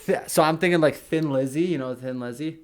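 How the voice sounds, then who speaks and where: A young man co-hosting a casual podcast, animated and laughing often as he steers the chat. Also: a little high, brisk. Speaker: podcast co-host.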